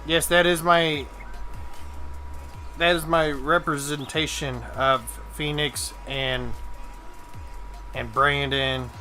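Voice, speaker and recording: A man's voice: on the high side, fairly even intonation, takes it slowly, long pauses, bright, forceful tone. A young man chatting casually while live-streaming a game, swearing and joking as he mocks other people. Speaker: gaming streamer. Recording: game music in the background.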